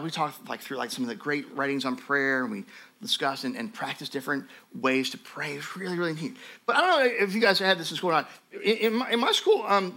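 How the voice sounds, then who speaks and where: A man teaching a sermon as pastor, telling stories in a lively conversational way with frequent asides to his listeners. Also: fairly high pitch. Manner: animated storytelling, conversational asides.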